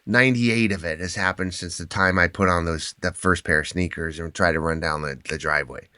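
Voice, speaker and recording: A man, an endurance athlete and author, telling animated stories as a podcast guest and often restarting his words. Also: low-pitched, a little fast, clear, resonant tone, dry recording, studio quality. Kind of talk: conversational podcast storytelling.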